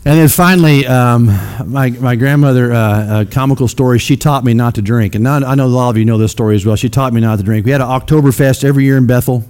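A man's voice: medium pitch, fast talker, few pauses, a little mellow, smooth. A middle-aged man from Missouri giving a folksy storytelling talk to a church audience, rambling and self-deprecating with many fillers.

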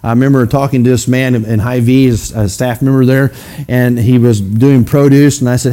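A man preaching a sermon to his congregation in a conversational way, often checking in with the room with a quick "okay?". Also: medium pitch, fairly even intonation, dark tone. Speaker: pastor. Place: church sanctuary.

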